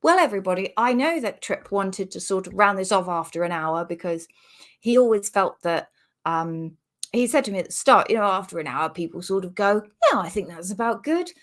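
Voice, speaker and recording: A British woman comedian in her forties, telling a sweary, animated anecdote in casual chat over a remote call. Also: medium pitch, fairly quick. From Britain. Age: 40s. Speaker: comedian guest.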